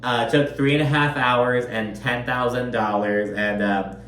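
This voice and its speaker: A man's voice: medium pitch, steady tone, measured pace, fairly bright tone. A man giving a casual, chatty recap of a reality show, swearing freely and filling his sentences with "like.". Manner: chatty, profane, lots of "like". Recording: roomy echo, distant mic, faint hum.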